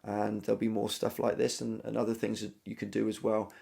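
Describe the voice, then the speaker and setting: A British man explaining language and pronunciation in a relaxed, conversational lesson. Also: fairly low pitch, brisk, gravelly. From United Kingdom. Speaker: acting and language teacher.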